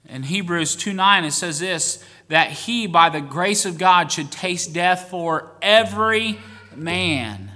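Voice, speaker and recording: Bright-voiced preaching pastor in a hall. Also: male voice, sits high, a little slow. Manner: preaching with rising bursts of emphasis. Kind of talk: sermon.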